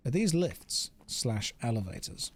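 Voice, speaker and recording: A man's voice: mid-range voice, very animated, measured pace, husky. An Englishman with an English accent, casually commentating his game stream in a joking, self-mocking way.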